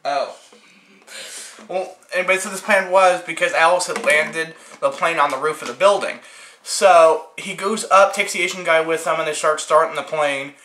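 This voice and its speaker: A man's voice: a little high, moderate pace, bright, forceful tone, slight background noise. A man hosting a casual movie review chat, rambling and firing off rhetorical questions. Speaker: host. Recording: echoey room.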